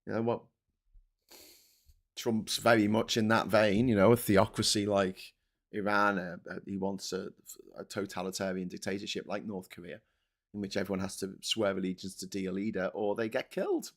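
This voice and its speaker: A man's voice: on the low side, normal speed. Man, middle-aged, from england, live-stream host, casual rambling chat, reads comments, swears, restarts lines.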